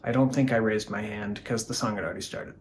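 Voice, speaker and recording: A man guest on a music review chat, talking in a rambling way with hesitant pauses. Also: lowish voice, steady tone. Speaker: guest fan.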